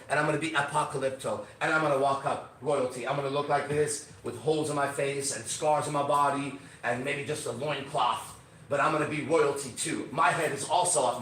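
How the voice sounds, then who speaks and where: A man hosting a podcast, delivering a brash, swaggering, profane rant that swings from loud outbursts to low asides. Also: far from the mic. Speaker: podcast host. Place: Las Vegas. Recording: very echoey room, voice from off mic.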